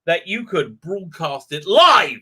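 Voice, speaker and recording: A man's voice: high-pitched, very animated, takes it slowly, sharp tone, slightly rough. A middle-aged man hosting a livestream, rambling in a comic monologue with frequent giggles and fillers. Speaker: livestream host.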